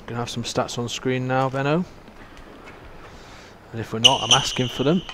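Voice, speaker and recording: A man's voice: mid-range voice, fairly even intonation, normal speed. A man giving casual, joking live commentary on a tennis match. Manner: chatty, joking, reacting to play. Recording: loud background noise at a live venue.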